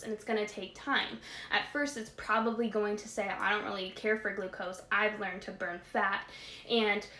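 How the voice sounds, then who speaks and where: A woman's voice: mid-range voice, a bit bright, reverberant. A young woman wellness coach answering viewer questions in a casual live Q&A, chatty and emphatic with many fillers.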